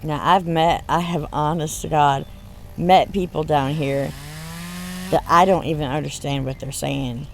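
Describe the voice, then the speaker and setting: Woman, Southern US accent, slow drawl, gravelly fry, rambling gameplay chatter, laughs mid-sentence. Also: sits low, fairly even intonation, background noise. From born in Michigan, raised in the US South. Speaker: gaming channel host. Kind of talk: casual chat over gameplay.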